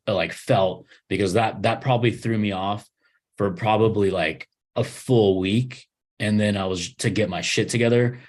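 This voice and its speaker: A man co-hosting a livestream, talking in a blunt, profane, motivational way. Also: low-pitched. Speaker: podcast co-host, agency owner. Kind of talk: casual livestream chat.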